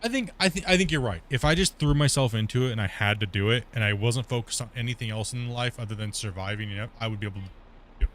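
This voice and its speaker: A man's voice: medium pitch, fast talker, fairly bright tone, slight background noise. A young man chatting casually while gaming, rambling with lots of fillers and self-deprecating asides. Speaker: gaming channel host.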